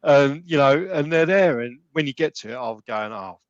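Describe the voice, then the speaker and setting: A man's voice: a little high, expressive, moderate pace, dry recording, lo-fi sound. A man talking casually as a podcast guest, rambling with many restarts and fillers. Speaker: gym member guest.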